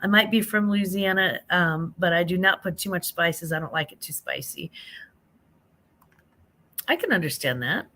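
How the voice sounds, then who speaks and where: A woman's voice: on the low side, lively intonation, normal speed, long pauses, pushed and bright. Sleepy, chatty woman live-streaming late at night. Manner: chatty, reads viewer comments aloud, calls people honey. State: half awake. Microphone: phone.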